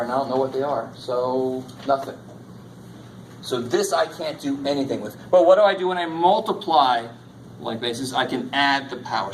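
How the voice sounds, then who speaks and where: A man's voice: mid-range voice, slight background noise, low-quality recording. A man teaching a college math class in a lecture, casual and jokey, swearing now and then. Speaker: math instructor.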